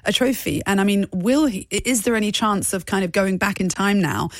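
Woman studio guest, musing, thinking out loud, dry close sound. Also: mid-range voice, brisk, dry recording. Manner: musing, asks questions aloud. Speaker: studio guest, football fan. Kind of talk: radio discussion.

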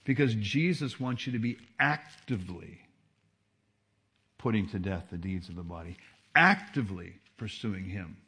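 Animated male pastor preaching a sermon. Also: on the low side, normal speed, slightly rough. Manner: animated preaching, swinging between soft asides and emphatic peaks. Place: church service.

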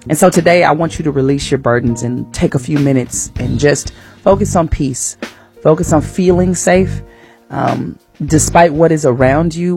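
Encouraging woman radio host, gentle preaching. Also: low voice. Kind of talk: inspirational radio talk.

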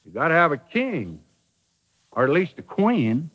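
A man's voice: mid-range voice, very animated, unhurried, a bit bright, in a large hall, dull audio. A man preaching a sermon, emphatic, with rhetorical questions and dry humor.

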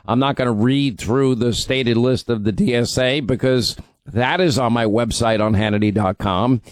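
A man hosting a radio talk show, hoarse from talking too much, rambling and restarting his sentences. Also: mid-range voice, fairly even intonation, normal speed, no room sound. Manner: rambling, self-interrupting, stammers on restarts. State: hoarse, strained voice from overuse. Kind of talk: casual talk radio monologue.

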